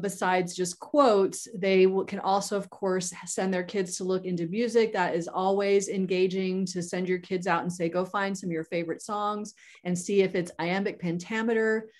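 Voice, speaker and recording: Woman co-host, educator webinar, enthusiastic presenter with fillers, mid pitch. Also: steady tone, normal speed, hardly any pauses, darkish tone. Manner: enthusiastic, with many fillers and restarts. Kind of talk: professional development webinar presentation.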